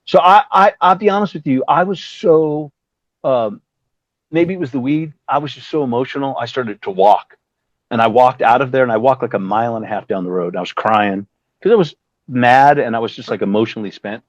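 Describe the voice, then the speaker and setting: A middle-aged man, a guest musician in a casual interview, rambles through a long story, acting out other people's lines and swearing along the way. His voice is medium-pitched and a little quick. The lo-fi recording has no room sound.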